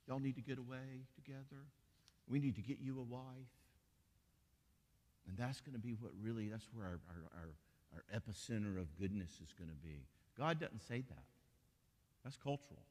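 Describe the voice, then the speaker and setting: A man gives a folksy, animated conference sermon, now and then slipping into quick impressions of spouses. His voice sits at an everyday middle pitch. It rings with a long reverb from a church auditorium. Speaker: pastor leading a marriage conference.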